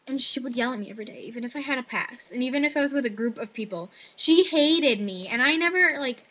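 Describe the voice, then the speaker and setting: Talking quickly into her webcam mic, a teenage high schooler rambles through her day in a casual vlog. Her high, very bright voice is packed with "like," and she slips into little animated voices when quoting others.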